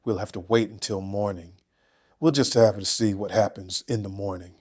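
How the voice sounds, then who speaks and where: A man reading the whispered lines of a scheming adult daughter, in a hushed voice. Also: on the low side, fairly even intonation, normal speed, close to an everyday voice. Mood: tense whisper.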